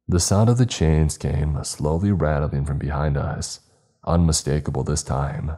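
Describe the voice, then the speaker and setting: A man reading a scripted horror story aloud in a measured, somber way. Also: very deep voice, dark tone, soft background music.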